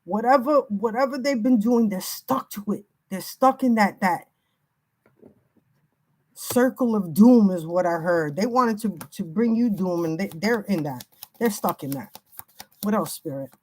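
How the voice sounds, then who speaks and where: A woman's voice: medium pitch, expressive, unhurried, a little mellow, low-quality recording. An older woman giving an unscripted spiritual reading, emphatic and warning, piling up repeated phrases. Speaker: spiritual reader.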